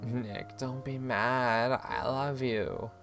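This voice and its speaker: A man voicing a young woman rock singer who has taken drugs, speaking weakly, slowly and with slurred words. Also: medium pitch, lively intonation, fairly bright tone, faint music behind. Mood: weak, slurring. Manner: slow, weak, slurred speech.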